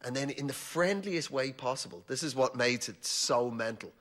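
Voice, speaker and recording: An Irish man, a comedian on a panel, telling an animated comic story with laughing restarts. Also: medium pitch, normal speed. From Ireland.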